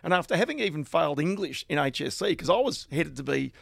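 A middle-aged Australian man recounts his early career in an animated, anecdotal way, chuckling at his own stories. His voice sits a little high with a gravelly rasp. The sound is close and dry. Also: quick pace, no echo. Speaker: guest, finance journalist. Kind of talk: casual storytelling interview.

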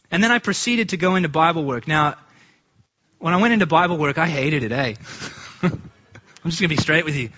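A man giving a storytelling testimony to a church congregation, from the United States, acting out the voices of people in his story with sudden pitch jumps. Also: fairly quick, long pauses, bright, forceful tone, dull audio.

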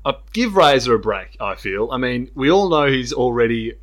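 A man's voice: mid-range voice, expressive, normal speed. An Australian man co-hosting a sports podcast, chatting casually, laughing often and telling footy stories. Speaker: podcast co-host.

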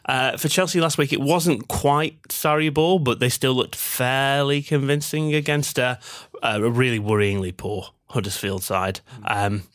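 A man's voice: medium pitch, fairly even intonation, unhurried, few pauses, a bit bright, dry recording, clean studio sound. A man hosting a casual sports betting podcast, rambling and self-deprecating with lots of ums. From Manchester, England. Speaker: podcast host.

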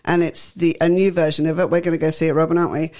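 A woman's voice: low-pitched, little pitch movement, rapid-fire, a little mellow. Lady radio co-host, chatty and giggly, lots of ums. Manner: chatty, laughs often, many fillers. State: short on sleep. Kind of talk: casual radio chat, theatre listings.

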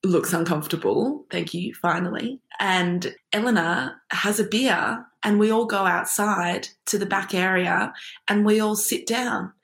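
A woman's voice: medium pitch, a little slow, creaky, a bit bright, reverberant. A woman guest on an interview podcast, telling a personal story wryly and often laughing as she goes.

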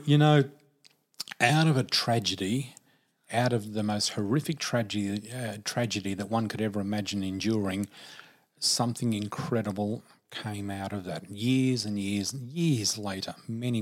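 A man's voice: on the low side, moderate pace. Earnest man telling a moving story. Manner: earnest, emphatic, repeats words for effect. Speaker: interview guest. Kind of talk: emotional personal storytelling.

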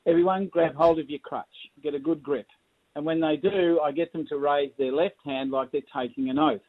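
A man's voice: fairly high pitch, steady tone, moderate pace. Australian man with a tinny phone-line sound. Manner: jokey, chuckling storyteller. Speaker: guest consultant. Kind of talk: casual interview storytelling.

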